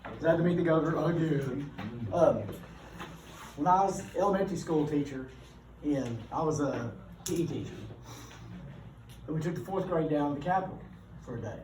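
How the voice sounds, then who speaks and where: A man, a teacher telling animated, rambling anecdotes to his class with frequent self-corrections. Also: a little high. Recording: echoey room, distant mic, background noise.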